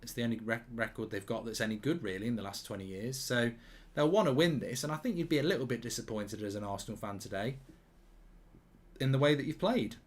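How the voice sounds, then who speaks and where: Casual football streamer, male, chatty and joking, mid-pitched voice. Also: fast talker. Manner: chatty and jokey, reading out viewer comments. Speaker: football commentator reacting to a live match. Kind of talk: casual live-stream match commentary.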